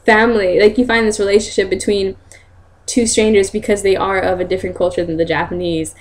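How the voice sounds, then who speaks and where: A woman's voice: level tone, a little fast. Chatty laughing young woman vlogger. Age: young adult. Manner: chatty, laughs often, acts out quotes in high voices. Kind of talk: casual storytelling vlog.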